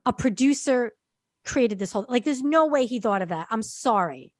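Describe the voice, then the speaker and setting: A woman's voice: on the high side, lively intonation, dry recording. A woman hosting a podcast, chatting casually and earnestly, with frequent "um"s and agreeing "yeah"s. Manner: measured, earnest, lots of "um" and "yeah". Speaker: podcast host. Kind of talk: casual chat recap.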